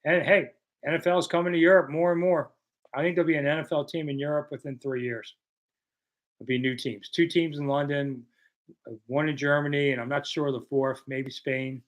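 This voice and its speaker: A man's voice: fairly high pitch, steady tone, fairly quick. A man in his sixties from the American South, hosting a casual live chat, reading viewer questions and answering with self-deprecating humor. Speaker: host.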